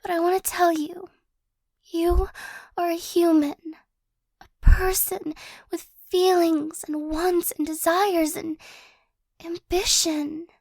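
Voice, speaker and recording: Woman playing a remorseful soft-spoken ex-girlfriend. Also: extremely high pitch, flat delivery, no echo, full character voice. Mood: apologetic. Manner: hesitant, halting, with nervous little laughs. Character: remorseful young ex-girlfriend, gentle and apologetic. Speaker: ASMR role-play performer. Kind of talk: ASMR role-play.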